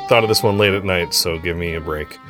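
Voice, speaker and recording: A man hosting a casual family podcast, relaxed and chatty, often checking in with "right?". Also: low voice, a little fast, soft background music. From grew up among Norwegian Americans. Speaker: podcast host.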